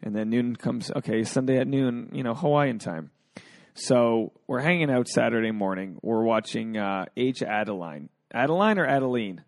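A man's voice: mid-range voice, normal speed, a little mellow, no room sound. A man hosting a podcast, chatting casually in a rambling, jokey, self-mocking way. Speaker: podcast host. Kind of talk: casual chat.

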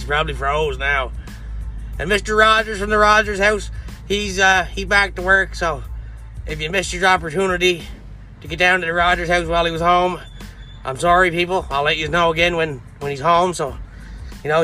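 A man's voice: high-pitched, pushed and bright. Profane, boisterous trucker man. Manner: profane, boisterous, laughing storyteller. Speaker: truck driver vlogger. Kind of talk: casual storytelling vlog.

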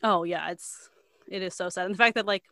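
A woman recaps a book for a friend in a loose, rambling chat, piling on fillers and tossing in casual swearing. Her voice is smooth and clean, recorded close and dry with no room sound. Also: on the low side, a little fast, fairly bright tone, dry recording. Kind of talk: casual chat retelling a novel.

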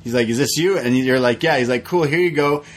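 Animated young man telling stories. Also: medium pitch, brisk. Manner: animated storytelling, acts out quotes. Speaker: podcast co-host. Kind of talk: casual chat.

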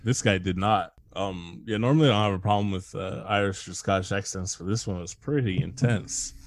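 A man with a low voice talks briskly as a podcast co-host in casual chat. He rambles, jokes around, and swears a lot.

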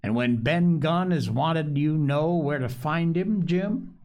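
A man's voice: a little high, slow, a little mellow. A man doing a rambling, cunning old castaway. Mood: wheedling. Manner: rambling, wheedling, rustic talk. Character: marooned old male castaway pirate, cunning and anxious.

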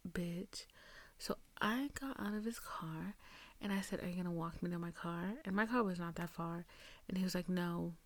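Young woman podcast host, mid-pitched, casual storyteller who swears freely, dry close sound. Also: no echo. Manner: chatty, profane, reenacts dialogue with quoted voices.

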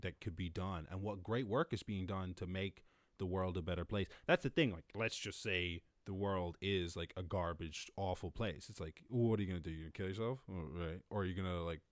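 A man's voice: a little fast, no echo. Rambling, profane man on a dry mic. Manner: rambling, profane, laughs often, jumps to loud high exclamations. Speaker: podcast host. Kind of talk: casual solo podcast monologue.

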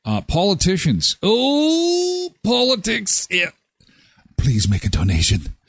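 A man in his thirties hosting a live daily show, chatting casually and joking with lively jumps in his voice. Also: a little high, a little slow, gravelly, slightly rough, no room sound. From Canada. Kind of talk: casual solo commentary.

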